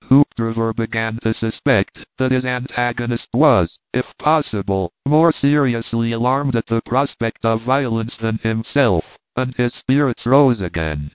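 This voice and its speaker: Male audiobook narrator, steady plain delivery, tinny dry recording. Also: mid-range voice, a little slow, no room sound. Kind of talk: scripted narration of a novel. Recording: dry, tinny phone-like sound.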